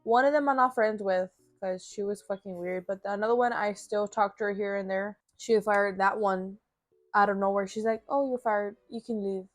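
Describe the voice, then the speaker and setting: A woman's voice: mid-range voice, steady tone, normal speed, no room sound. A young woman vlogger telling a work story in a blunt, profane, casual way, full of fillers.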